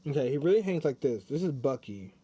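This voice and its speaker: Very animated and fairly quick, a man with a mid-range, dark, breathy-edged voice does a laid-back spiritual tarot reading. Addressing his viewers directly, he chats away and keeps repeating himself.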